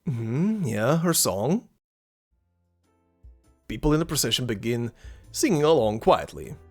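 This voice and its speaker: A man's voice: mid-range voice, sing-song, a little slow, a little mellow, soft background music. A man hosting a let's play, reading game text aloud and reacting with amusement. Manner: amused, laughs at the game often.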